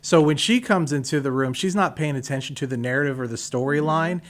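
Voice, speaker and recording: A man's voice: on the high side, brisk. A man as a guest on a radio show, chatting casually with hesitant restarts.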